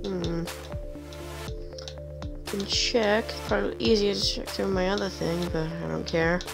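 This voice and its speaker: A woman's voice: medium pitch, fairly even intonation, unhurried, gravelly. A young adult woman streaming a game, muttering her plans to herself as she plays. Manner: mutters to herself while playing. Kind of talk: casual gameplay commentary. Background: game music.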